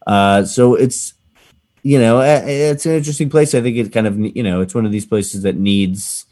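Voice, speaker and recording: A man from Massachusetts with a fairly low voice, hosting a laid-back talk show. He rambles through his points, full of "uh" and "you know" and restarts. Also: moderate pace, mellow. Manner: loose and rambling, frequent fillers and restarts. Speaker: podcast host. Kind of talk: casual chat.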